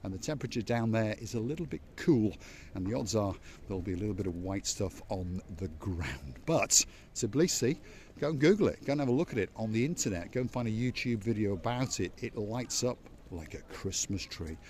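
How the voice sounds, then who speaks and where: Vlog host, male, lowish voice, playful walking-tour patter, outdoors with faint background noise. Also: animated, fairly quick, darkish tone. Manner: chatty, playful, teasing asides to viewers. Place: outdoors at a seaside harbour.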